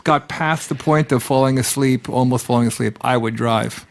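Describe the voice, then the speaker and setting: A man chats on a radio show as a musician guest. He tells road stories in a relaxed way, chuckling as he goes. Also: mid-range voice, moderate pace, vocal fry, slight background noise. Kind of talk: casual anecdote chat.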